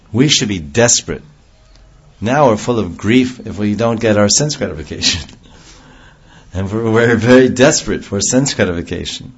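A man's voice: lowish voice, husky, muffled recording. A man giving an earnest devotional sermon, explaining ideas with homely examples. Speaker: preacher.

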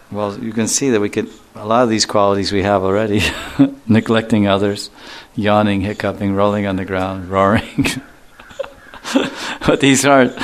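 Man giving a relaxed, joking scripture talk. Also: on the low side. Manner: relaxed, joking, chuckles often. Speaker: devotional teacher. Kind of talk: scripture lecture.

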